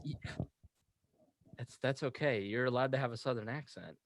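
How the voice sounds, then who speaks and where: A man's voice: mid-range voice, moderate pace, no room sound. Joking male podcast host, dry sound. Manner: joking, relaxed banter. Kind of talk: casual podcast chat.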